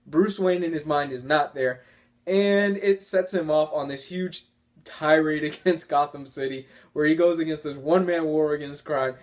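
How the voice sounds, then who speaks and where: Enthusiastic man chatting about comics. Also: fairly high pitch. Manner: enthusiastic, laughs often, rambling. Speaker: comic book reviewer. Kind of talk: casual video review.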